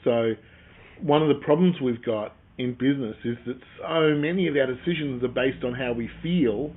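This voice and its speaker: A man's voice: mid-range voice, normal speed, breathy edge. Man steering with prompting questions. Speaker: co-host. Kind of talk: casual chat. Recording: phone-like narrow sound.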